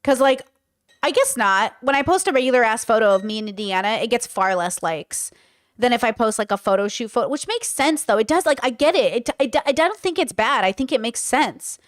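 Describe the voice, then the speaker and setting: A woman's voice: a little high, lively intonation, brisk, no room sound, clean studio sound. A young woman giving casual, opinionated commentary with many fillers as host of a reaction show. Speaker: host reacting to a podcast clip.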